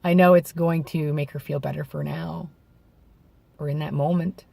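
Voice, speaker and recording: A vlogger speaks candidly to camera outdoors in bright daylight, his gravelly voice worn by vocal nodes and a bit hoarse from throat clearing. The voice sits a little high and mellow, with fairly even intonation and no echo. He sounds reflective and halting, restarting and correcting himself.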